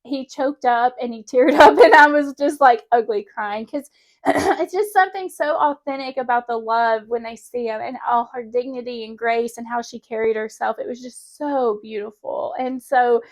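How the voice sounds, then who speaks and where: A young woman vlogger telling a personal story in a chatty, animated way, often laughing mid-sentence. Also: on the high side, normal speed. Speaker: spiritual vlogger. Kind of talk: casual personal storytelling to camera.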